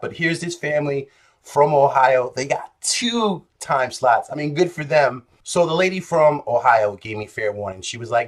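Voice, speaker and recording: A young man telling a story in a casual vlog, animated and jokey, swinging between loud bursts and low mutters. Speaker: vlogger.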